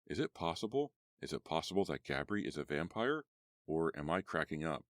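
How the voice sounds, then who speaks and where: A man voicing an anxious teenage boy in an audiobook, speaking in rapid, urgent pleas. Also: very deep voice, sing-song, no room sound, clean studio sound. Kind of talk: audiobook character voice.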